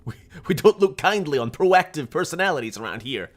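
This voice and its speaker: A man voicing a mocking male wasteland raider thug with loud, sneering taunts. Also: on the high side, sing-song, a little fast, slight background noise, voice pushed up.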